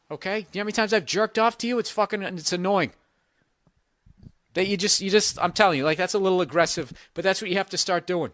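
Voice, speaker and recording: A man's voice: high-pitched, fast, fairly bright tone, no echo. A man hosting a podcast who gives crude, blunt advice in a rambling, profane rant into a close mic. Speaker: podcast host giving advice.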